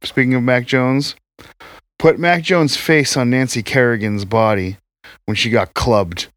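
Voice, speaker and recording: A man trades blunt, contrarian banter in a casual podcast. His voice sits at a middle pitch, recorded dry and close. He swears freely and argues his points flatly. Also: unhurried, no room sound. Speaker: podcast co-host. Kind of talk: casual chat.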